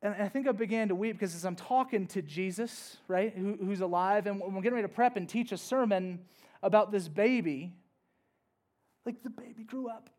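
A young pastor with a high-pitched, darkish voice delivers a conversational sermon at normal speed. He drops casual asides and builds into rising bursts of energy.

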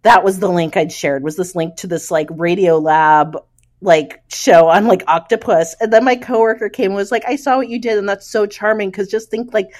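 A woman's voice: mid-range voice, normal speed. A middle-aged woman co-hosting a podcast, telling a funny story from her past in casual chat. She laughs often and acts out the people in it. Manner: animated, laughing storyteller who acts out quoted voices. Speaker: podcast co-host.

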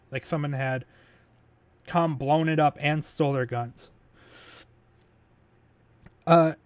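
A man's voice: a little high, no echo. A man casually recapping a movie plot, rambling with lots of fillers, laughing and swearing now and then. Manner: rambling, filler-heavy retelling with frequent laughs. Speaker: podcast host recapping a movie. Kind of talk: casual chat.

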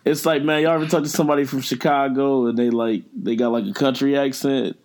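A man of average pitch chatting casually about sports picks. His delivery is loose, rambling and teasing, packed with fillers and easy laughter. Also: fairly even intonation, fairly quick, a little mellow. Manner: joking, rambling, apologetic teasing. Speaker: podcast co-host.

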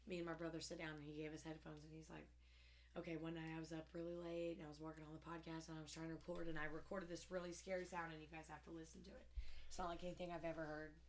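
Gal with a lowish voice telling stories on a podcast, laughs a lot. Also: female voice, level tone, quick pace, a little hiss or hum. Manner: chatty storyteller, laughs often, swears. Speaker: podcast co-host. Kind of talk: casual podcast chat.

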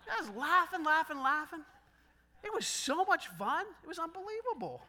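A middle-aged man preaching a sermon in a conversational, animated way, acting out little dialogues and laughing often. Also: extremely high pitch, moderate pace. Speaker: pastor.

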